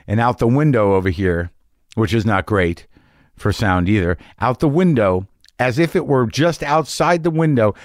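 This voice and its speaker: Man, podcast host, rambling profane monologue, mid-pitched voice, dry close mic. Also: no room sound. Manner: profane, self-deprecating, restless. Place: home garage studio. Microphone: studio mic with headphones. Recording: dry, close studio sound.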